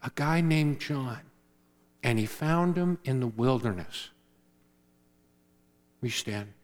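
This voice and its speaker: A man preaching a sermon as pastor, earnest, rising to loud emphasis and dropping to hushed tones. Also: mid-range voice, animated, slow, long reverb tail. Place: church sanctuary.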